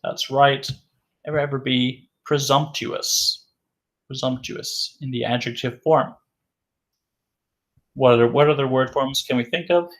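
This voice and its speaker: A man teaching an English vocabulary lesson, saying each word slowly and repeating it several times for learners. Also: medium pitch, fairly even intonation.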